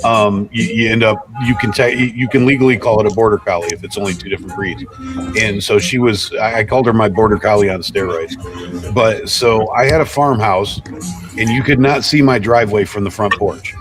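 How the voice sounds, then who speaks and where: A man with a fairly low voice tells a story on a live panel in a calm, rambling way, often restarting his sentences. Music plays clearly in the background. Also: brisk. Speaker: panel guest.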